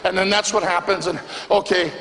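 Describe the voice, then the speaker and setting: High, gravelly stand-up comedian. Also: male voice, fairly quick, long reverb tail. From Canada. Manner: animated, excitable storytelling. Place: comedy club stage, live show.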